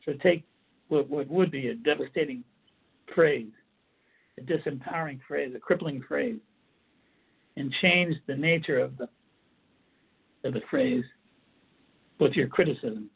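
A man's voice: fairly high pitch, normal speed, creaky, pauses often, breathy edge. A man giving an earnest instructional talk on coping techniques, often restarting his phrases as he explains. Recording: tinny phone-like audio.

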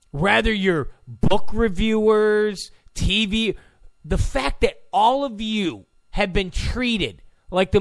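A man's voice: sits high, no echo. A man hosting his own podcast, delivering a profane, combative and mocking rant. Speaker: podcast host. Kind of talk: ranting monologue.

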